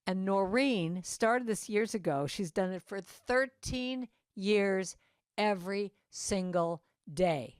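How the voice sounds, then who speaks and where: A woman's voice: medium pitch, normal speed, no room sound, clean studio sound. A woman giving an inspirational talk at a church service, chatty and meandering, with asides to people in the audience. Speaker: guest speaker at a church service. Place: church sanctuary.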